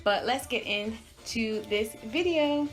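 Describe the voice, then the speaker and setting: Faint music plays behind this young beauty vlogger from Barbados as she talks her way through a makeup tutorial. Her accent blends Barbadian and American, and her fairly high voice takes it slowly, chatty and relaxed with plenty of fillers.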